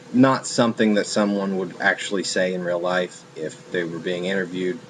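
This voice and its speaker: A man's voice: sits low, a little hiss or hum, low-quality recording. A man casually reviewing a film, rambling with many ums and restarts.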